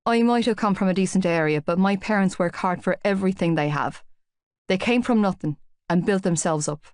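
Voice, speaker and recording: A woman reading an audiobook, voicing a calm young man from Dublin in a low, quiet, plain-spoken way. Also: fairly quick, clear, resonant tone, no echo, studio quality, close to an everyday voice. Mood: earnest. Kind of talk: audiobook character voice.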